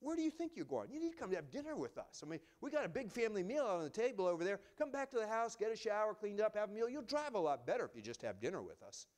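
A man's voice: high-pitched, very animated, fast, hardly any pauses, voice pushed up. A generous, insistent cowboy, as a preacher puts him on in a retold story. His voice rises well above the teller's own, eager and coaxing, as he waves off every refusal and repeats himself.

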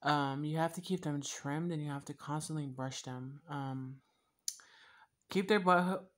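Lady vlogger w a really low voice, rambly and cussing a lot while she eats. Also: unhurried. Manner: rambling and profane, with frequent fillers. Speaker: YouTuber. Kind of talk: casual chat while eating on camera.

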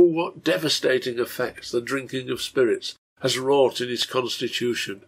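Gravelly-voiced man reading a novel. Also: mid-range voice, a bit bright. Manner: measured storytelling narration. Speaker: reader and translator. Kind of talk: reading a translated serial novel.

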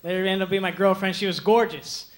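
A young man doing a stand-up comedy set on a club stage, animated, slipping into quick voices for the people he quotes, with audience laughter behind him. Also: high voice. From Mexican heritage. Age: young adult. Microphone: handheld stage mic.

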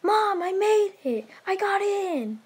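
An earnest, modest teenage boy in a fan-told cartoon story, voiced by a woman. He speaks eagerly and humbly, in a high voice with a breathy edge. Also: fairly even intonation, moderate pace, warm tone. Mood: excited.

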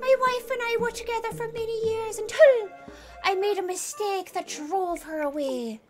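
A woman voicing an old male wizard in a hushed, theatrical put-on Irish accent, reading game dialogue aloud. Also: very high voice, moderate pace, soft background music, pitched above the performer's own voice. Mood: solemn, hushed. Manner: hushed, lilting, theatrical storytelling.

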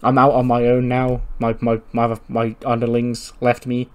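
A man's voice: medium pitch, monotone, moderate pace, lightly acted. A man putting on a fierce woman wrestler who calls herself the best and wants to hurt everyone. She is blunt and aggressive.

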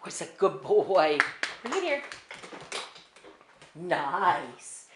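A woman's voice: lowish voice, big pitch swings, extremely slow. A woman training her puppy at home, giving short commands and sing-song praise. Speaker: dog trainer. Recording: echoey room with background noise.

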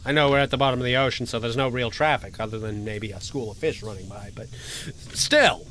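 A man playing a horror game for his channel, joking and taunting the monster he's hiding from, with sudden yells and laughs. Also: medium pitch, a little fast, a little hiss or hum. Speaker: gaming channel host. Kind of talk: let's play commentary.

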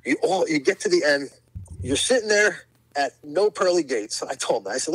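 A man's voice: on the high side, animated, normal speed, a bit bright, husky, no echo, poor audio. A middle-aged man from New York, a podcast guest, telling a rambling story and acting out what people said. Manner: rambling storyteller, acts out quotes. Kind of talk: casual podcast conversation.

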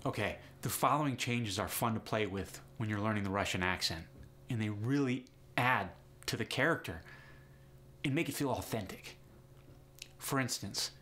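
A man's voice: mid-range voice, expressive, moderate pace, fairly bright tone. A man teaching an accent lesson step by step, upbeat and explanatory, saying example words to show each sound. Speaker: accent coach.

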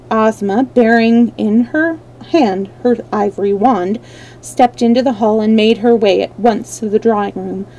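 A woman reading a children's storybook aloud on a live stream, gently, with small slips she corrects. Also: on the high side, low-quality recording.

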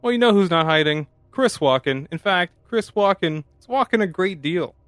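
A playful man in a casual podcast chat about a film, slipping into goofy voices now and then. His voice is a touch high for a man. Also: expressive, normal speed, a bit bright, no echo. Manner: playful, drops in silly voices. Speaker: podcast co-host. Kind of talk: casual movie-review chat.

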